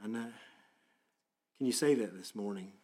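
A man preaching a sermon as pastor, earnest and plain-spoken, then praying quietly. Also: on the low side, normal speed.

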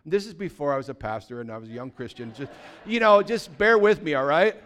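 A man in his fifties from California, a pastor telling a personal story in a lively, anecdotal way, with sudden loud bursts. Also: a little high, quick pace. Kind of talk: sermon storytelling.

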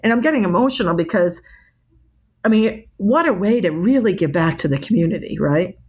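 A woman's voice: medium pitch, animated, a little fast, darkish tone, husky. A middle-aged woman, a body language expert, telling stories emphatically in an interview and often restarting her words. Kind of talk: animated interview storytelling.

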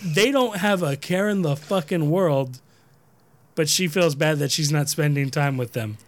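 Sex: man. Role: podcast host. Style: casual storytelling. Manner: profane, animated, laughs often. Pitch: on the high side. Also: unhurried.

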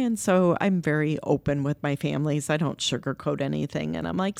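Low gravelly-voiced woman telling a story. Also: a little fast, few pauses, no echo. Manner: earnest, animated when quoting others. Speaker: nursery co-founder. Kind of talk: conversational interview storytelling.

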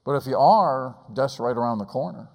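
A man's voice: medium pitch, animated, normal speed, gravelly. A man preaching a sermon, urgent and pleading, with pointed rhetorical questions. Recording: long hall reverb.

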